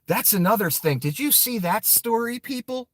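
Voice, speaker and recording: A man's voice: very high voice, lively intonation, moderate pace, no echo. A man giving casual, profane political commentary, laughing often and throwing mocking asides to his viewers.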